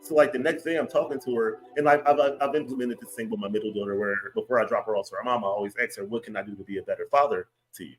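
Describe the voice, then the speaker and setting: A man in his thirties hosting a podcast, talking in a casual chat, telling stories with lots of fillers and quick laughs. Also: fairly low pitch, low-quality recording. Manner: animated storytelling, laughs easily, many fillers. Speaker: podcast host. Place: home studio with big lights.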